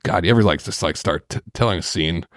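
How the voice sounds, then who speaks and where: A man co-hosting a podcast, telling a long story in casual chat and swearing freely; he is a little sick and slightly hoarse. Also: deep voice, fast, no room sound, studio quality. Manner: animated storyteller, swears a lot, mimics voices. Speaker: podcast co-host.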